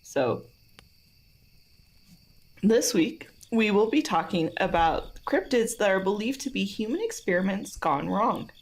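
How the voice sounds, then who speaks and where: A woman's voice: mid-range voice, animated, a little slow. A woman co-hosting a podcast in casual chat, laughing often between her phrases. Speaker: podcast co-host.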